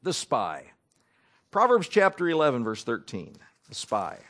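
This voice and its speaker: A man's voice: mid-range voice, wildly swooping pitch, unhurried, a bit bright. A man preaching a sermon in a conversational way, asking his listeners questions as he reads and explains scripture.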